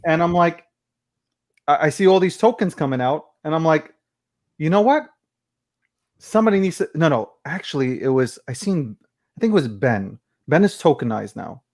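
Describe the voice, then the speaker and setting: Brash joking man, higher voice. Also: expressive, normal speed, darkish tone. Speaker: crypto personality guest. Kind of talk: casual livestream chat.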